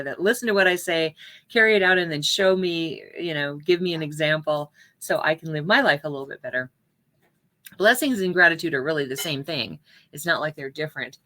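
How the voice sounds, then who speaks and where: A woman's voice: deep voice, sharp tone. A woman minister giving a casual, chatty sermon from home, with frequent laughs and fillers.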